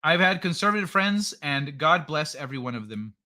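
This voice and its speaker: Bright-voiced man chatting casually on stream. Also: on the high side, sing-song, a little fast. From California. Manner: rambling, swears freely, reacts to chat messages. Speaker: livestream host reading chat. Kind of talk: casual livestream chat.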